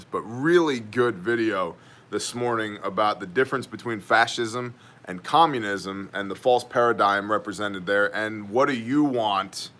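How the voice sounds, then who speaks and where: A man's voice: lowish voice, bright, forceful tone. A man hosting a daily news brief in casual style, sardonic and joking as he reads chat comments aloud.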